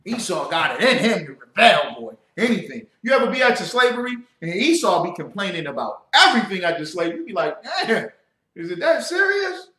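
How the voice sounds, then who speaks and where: A man preaching a livestreamed sermon as a religious teacher, emphatic, building to shouts and calling out to his audience. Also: sits high, sing-song, brisk, hardly any pauses. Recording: roomy echo.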